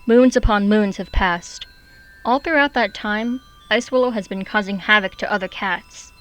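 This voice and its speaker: A woman reading her own story aloud as a steady, clear narrator. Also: mid-range voice, normal speed.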